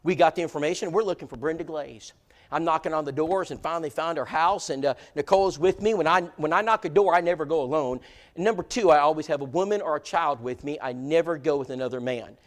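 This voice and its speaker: A man giving a church seminar talk, an animated storyteller who acts out the people he quotes. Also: fairly high pitch, fast talker. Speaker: seminar speaker.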